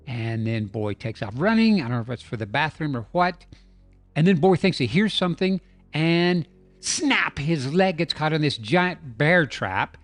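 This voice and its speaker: A man's voice: a little high, no room sound. A man hosting a comedic video breakdown, telling the scene as a playful, joking story. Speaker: YouTube host. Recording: dry voice-over with faint music.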